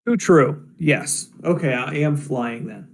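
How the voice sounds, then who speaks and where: A man's voice: mid-range voice, expressive, slow pace, gravelly. A man playing a tabletop game, easygoing and chuckling, with hesitant restarts. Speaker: player. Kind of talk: casual tabletop play.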